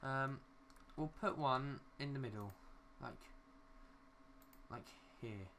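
A young man, a gaming YouTuber, rambles casually to himself while building in a city game, swearing mildly whenever it glitches. His voice is medium-pitched and slow, with background noise.

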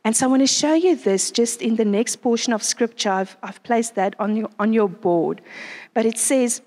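A woman preaching at a conference in an animated way, often asking her listeners rhetorical questions. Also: fairly high pitch, normal speed, in a large hall. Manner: animated, asks the crowd frequent rhetorical questions. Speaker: conference speaker. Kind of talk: sermon. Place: conference venue.

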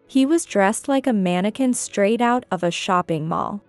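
A woman reading a scripted first-person story in a measured, even way. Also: mid-range voice, no echo, soft background music. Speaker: narrator.

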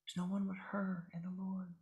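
A woman spiritual teacher telling a story in a guided meditation, speaking softly and often whispering. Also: lowish voice, little pitch movement. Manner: slow, hushed, frequently whispering.

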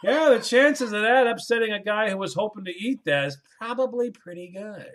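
A man's voice: high voice, animated, fairly quick, noisy background. A man hosting a podcast, teasing his co-host in casual banter and acting out what other people said. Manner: teasing, acts out others' lines.

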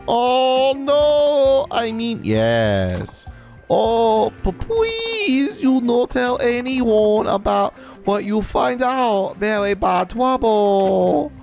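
A man's voice: extremely high pitch, very animated, drawn-out words, vocal fry, a little mellow, faint music behind, voice pushed up, exaggerated voice. A man voicing a nervous middle-aged male forger with a thick put-on foreign accent and broken grammar. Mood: panicky pleading.

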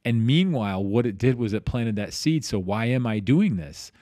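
Clean studio sound without echo carries a middle-aged man's medium-pitched voice at a normal pace. As a physical therapist guest on a podcast, he tells stories in casual chat, animatedly performing quoted voices and restarting frequently.

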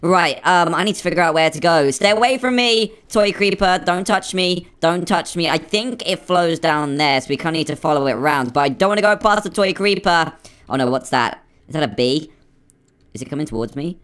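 Male gamer, voice pitched up by a filter, jumpy and excitable. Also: fairly quick, clean tone. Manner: excitable, jittery, nervous exclamations. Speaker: gaming video creator. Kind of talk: playing through a game adventure.

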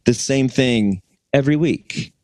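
A man's voice: mid-range voice, unhurried, a little mellow, no echo. A man co-hosting a podcast, chatting casually and rambling with many restarts. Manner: rambling, lots of restarts and fillers. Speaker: podcast co-host. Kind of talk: casual chat.

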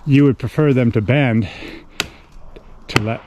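A man hosting his show while logging in the winter woods, explaining in a plain, folksy, unhurried way. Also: mid-range voice. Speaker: host, horse logger. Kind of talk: casual explaining while working. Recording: loud outdoor work noise, wedge tapping. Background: hammering and chopping.

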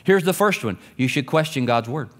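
A man preaching a sermon as pastor, reading scripture and stories with emphatic delivery that swings between raised, urgent lines and hushed, low ones. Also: expressive, moderate pace.

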